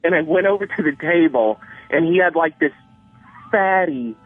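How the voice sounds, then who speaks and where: A man's voice: fairly high pitch, lively intonation, normal speed, husky. A man calling in to a radio show, telling a rambling, hesitant story. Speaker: caller. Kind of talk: telling an anecdote on the phone. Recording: tinny phone line with faint music.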